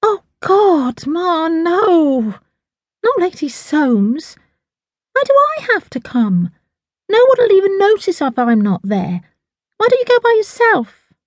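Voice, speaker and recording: A woman's voice: fairly high pitch, very animated, normal speed, few pauses, warm tone, no room sound, pitched above the performer's own voice. Woman doing a whiny sulky teenage girl. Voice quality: whiny, sullen. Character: sulky defiant teenage schoolgirl.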